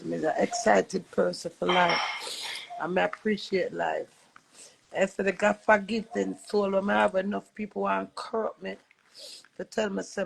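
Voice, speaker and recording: A Jamaican-accented woman speaks on a livestream with a medium pitch and vocal fry over a noisy background. Earnest and preachy, she shifts between patois and English and grows emotional as she recovers from illness.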